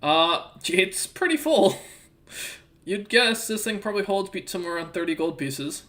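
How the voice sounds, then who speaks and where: Male game master narrating a tabletop game, bright tone, rambling and self-correcting. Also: high-pitched, animated, normal speed.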